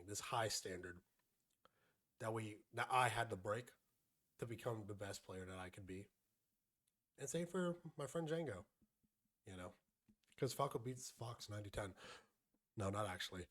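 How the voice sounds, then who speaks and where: Young man for casual storytelling, mid-pitched, loose and profane, drifts between tangents and quoted voices. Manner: profane, rambling, acts out friends' lines.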